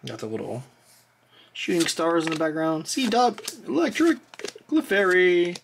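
A host excitedly opening trading card packs on camera, chatting casually, often exclaiming and apologizing, and drifting into rambling asides. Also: mid-range voice, unhurried, gravelly, background noise. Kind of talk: casual pack-opening commentary.

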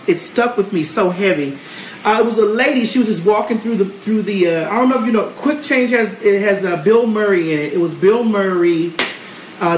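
A woman's voice: medium pitch, reverberant, a little hiss or hum, low-quality recording. A woman hosting a casual cooking vlog from her home kitchen, a brash, profane, chatty storyteller. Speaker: host.

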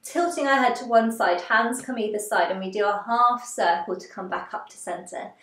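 A woman leading a gentle seated movement class, giving encouraging step-by-step cues. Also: on the high side, moderate pace. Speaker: dance and movement instructor. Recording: roomy, echoey room.

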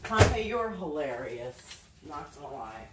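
A woman's voice: deep voice, big pitch swings, unhurried, slight background noise. A woman in her home kitchen, chatting to her dogs in a sing-song, doting voice. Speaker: dog owner.

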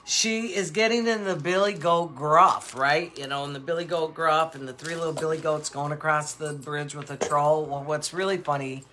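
A woman's voice: sits low, normal speed, hardly any pauses, slight background noise. An older woman hosting a live jewelry sale show, chatting casually and rambling through stories with frequent laughs. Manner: animated, with many fillers. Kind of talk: casual chat.

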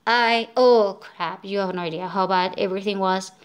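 Exhausted woman vlogger, venting frustration in a rambling rant, mid-pitched voice. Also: fairly even intonation, normal speed, clear, resonant tone. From Venezuela. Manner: frustrated, venting, many fillers and restarts. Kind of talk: casual storytelling rant.

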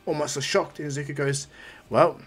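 A man's voice: on the high side, steady tone, quick pace, faint music behind. A man casually telling a fan-fiction story, rambling with frequent restarts.

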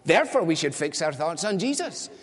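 A man's voice: fairly high pitch, sing-song, brisk, in a large hall. A man preaching a sermon as a pastor, earnest and direct, asking and answering rhetorical questions.

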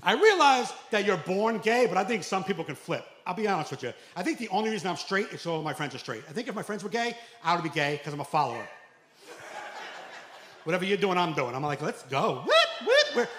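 A man doing a stand-up comedy set, animated and acting out characters with sudden loud outbursts. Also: high voice, fast talker. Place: comedy club. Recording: echoey club with faint ambience.

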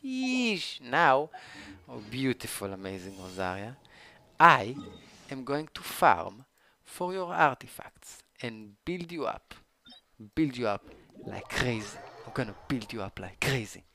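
A man with a non-native English accent streaming a game live, ranting and swearing excitedly as he plays. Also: medium pitch, measured pace. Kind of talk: live gameplay commentary.

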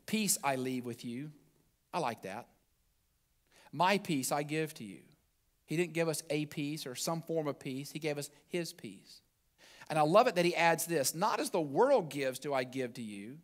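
A man preaching a sermon as pastor, quoting scripture and swinging from soft, low passages to loud, emphatic ones. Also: expressive, moderate pace. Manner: scripture quoted aloud and picked apart.

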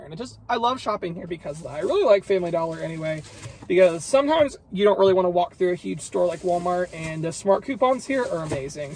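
A man with an American accent, chatting casually and excitedly about shopping deals in a vlog. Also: high-pitched, slightly rough. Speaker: vlogger. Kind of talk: casual chat. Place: car and store.

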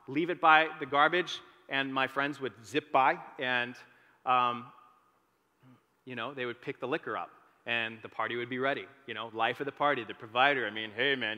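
A young man telling his own story as a sermon, animated and self-deprecating. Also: mid-range voice. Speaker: teaching pastor. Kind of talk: testimony sermon. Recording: long reverb of a large hall.

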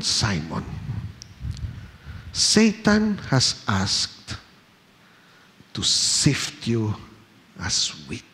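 A male pastor with a Filipino accent delivers an animated sermon, his pitch climbing and falling in wide swings. He speaks slowly and deliberately, often checking in with rhetorical questions. The voice carries a long reverb from a church hall. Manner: animated preaching, switching languages, rhetorical questions.

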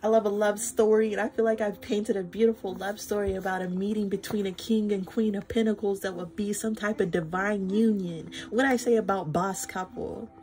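A woman's voice: mid-range voice, steady tone, a little fast, hardly any pauses, darkish tone. A woman giving a casual tarot reading to her viewers, effusive and emotional, swearing freely and calling them y'all. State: flustered and emotional. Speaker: tarot reader. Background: music.

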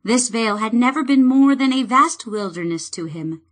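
A woman narrating a fantasy novel in a measured, expressive way. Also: fairly high pitch. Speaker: audiobook narrator.

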